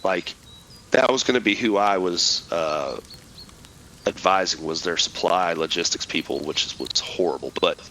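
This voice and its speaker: Middle-aged male veteran guest: bright, forceful voice, profane, rambling storyteller. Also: deep voice, moderate pace, slight background noise, low-quality recording. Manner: profane, rambling, with many restarts. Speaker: podcast guest, military veteran. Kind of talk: casual storytelling.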